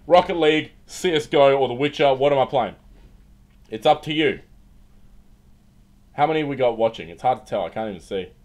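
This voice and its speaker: A man's voice: medium pitch, animated, fairly quick, long pauses, a little mellow. A young man with an Australian accent, hosting a livestream and chatting casually, joking and rambling with many restarts. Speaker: livestream host. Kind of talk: casual livestream chat reading viewer comments. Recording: faint music behind. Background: faint background music.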